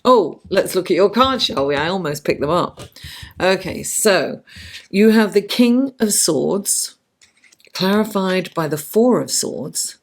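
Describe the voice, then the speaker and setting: Speaking at a slow pace, a woman with a lowish, animated voice reads tarot late into the night. She's talkative and fond, chatting to the cards themselves, though her tired voice is starting to go.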